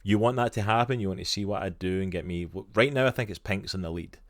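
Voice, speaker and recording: Scottish guy on a stream, really deep voice, chatty and excited, says literally a lot, dry sound. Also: quick pace, no room sound. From Scotland. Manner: chatty and enthusiastic, with lots of "literally" and "like". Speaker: stream co-host. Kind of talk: casual chat on a live stream.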